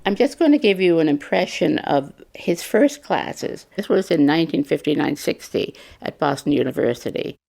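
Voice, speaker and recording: A woman recounting a memory as an animated, vivid storyteller in an interview. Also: low-pitched, normal speed, vocal fry, hardly any pauses. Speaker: interviewee, former student. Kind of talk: anecdotal storytelling.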